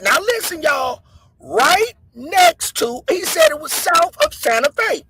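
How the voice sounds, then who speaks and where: A man hosting a show, telling stories in an excitable, animated way and talking straight to his viewers. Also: very high-pitched, unhurried, rough recording. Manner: excitable, calls the audience "y'all" and "gang". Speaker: host.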